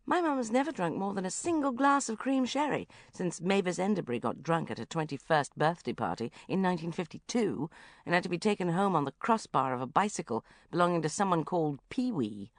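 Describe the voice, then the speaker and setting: Comic diary audiobook narrator, woman, lively pitch swings, dry close studio sound. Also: no room sound. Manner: animated, breathless exasperation, flat asides.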